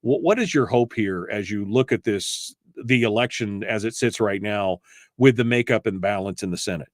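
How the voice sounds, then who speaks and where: A man's voice: on the low side, normal speed, dry recording, studio quality. A man hosting a casual political talk radio show, chatty and joking, with many fillers and restarts. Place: radio studio.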